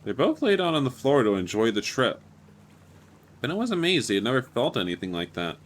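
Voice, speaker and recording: Lively, wry man reading a game aloud. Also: mid-range voice, fairly quick. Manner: wry, self-mocking commentary. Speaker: gaming video host. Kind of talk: reading a story game aloud with jokey asides.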